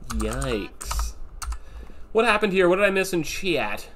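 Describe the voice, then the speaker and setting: Casual streamer man, lively voice. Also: high-pitched, brisk, slight background noise. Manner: casual, swearing, talks to chat. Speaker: streamer, host. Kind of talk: gameplay commentary.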